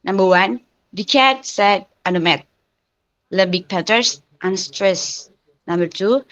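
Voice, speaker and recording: A woman's voice: mid-range voice, a little slow, fairly bright tone, no room sound, rough recording. A woman, a student presenter carefully reading numbered example sentences, stumbling now and then.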